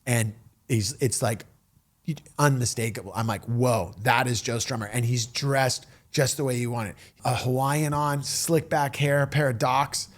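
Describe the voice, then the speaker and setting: A middle-aged man telling a personal story in a casual, animated way, acting out the people in it. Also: medium pitch, measured pace. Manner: animated, acts out quoted voices.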